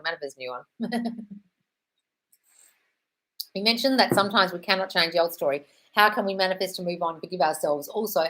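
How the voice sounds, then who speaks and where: A woman's voice: on the low side, poor audio. A woman in her thirties hosting a live Q&A, reading viewer comments and answering in a blunt, sweary way, calling people "darling". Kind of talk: casual live Q&A chat.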